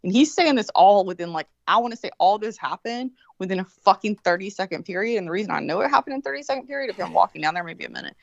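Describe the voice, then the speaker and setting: Brief: woman, podcast co-host, animated and profane storyteller, dry muffled lo-fi sound. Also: medium pitch, quick pace, vocal fry, few pauses, no room sound. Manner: profane, animated, acts out quoted voices. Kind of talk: casual storytelling. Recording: slightly muffled, dry lo-fi audio.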